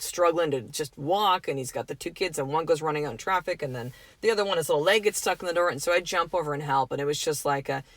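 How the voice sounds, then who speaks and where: A woman's voice: low voice, a bit bright, no echo. Chatty earnest woman podcast host. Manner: casual, chatty, earnest, with frequent fillers and swearing. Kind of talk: motivational solo podcast talk.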